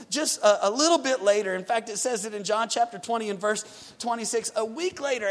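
A man preaching a sermon as pastor, swinging between loud urgent lines and quiet hushed ones. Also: very high voice, in a large hall.

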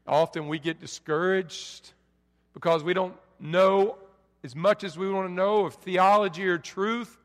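High-voiced preacher in a reverberant hall. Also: male voice, steady tone, unhurried. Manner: swings from soft pleading lows to loud forceful peaks. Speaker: pastor. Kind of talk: sermon. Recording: long reverb of a large hall.

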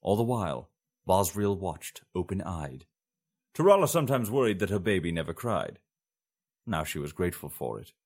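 A man reading a fantasy story aloud in measured audiobook narration. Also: low voice, very animated, a little mellow, husky.

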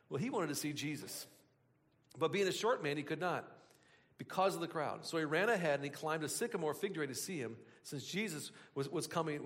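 A man delivering a casual, conversational sermon with a high, very expressive voice that swoops up and down. He speaks animatedly, breaks off into asides and restarts his phrases. His voice carries a long hall reverb. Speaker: pastor.

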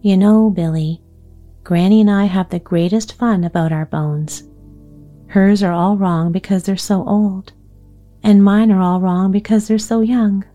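Gentle eager little girl, read by a woman, mellow voice, soft music under it. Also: mid-range voice, steady tone, measured pace, natural voice. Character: sweet frail little girl, eager and kind.

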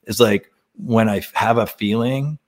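A man's voice: on the low side, a little slow. A man speaking as a podcast guest, telling a personal spiritual story in a casual, earnest way, laughing often and using many fillers.

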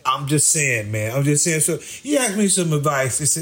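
A man's voice: fairly high pitch, big pitch swings, moderate pace, few pauses, fairly bright tone. A man doing stand-up, telling a story and acting out both sides of a conversation with lots of profanity. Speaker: comedian.

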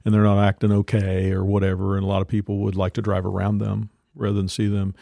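A man with a low, gravelly voice and a dark, relaxed timbre, recorded close and dry. He hosts a casual conversation and tells stories at length, pausing often with small fillers. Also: no room sound. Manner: storytelling, with many fillers.

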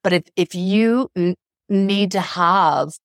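Earnest middle-aged woman, low and dry. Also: slow pace, no room sound. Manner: earnest, emphatic, repeats phrases for emphasis. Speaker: psychotherapist guest. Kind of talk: podcast interview.

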